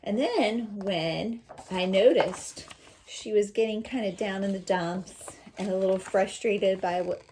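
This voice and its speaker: A woman teacher reading a picture book aloud to children, slowly explaining words and asking questions. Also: mid-range voice, mellow, slight background noise. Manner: slow, explains words and asks listeners questions. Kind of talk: children's read-aloud with commentary.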